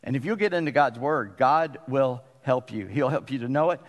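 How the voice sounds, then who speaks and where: A man preaching a sermon as pastor, folksy and conversational, with emphatic pauses. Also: mid-range voice, big-room sound.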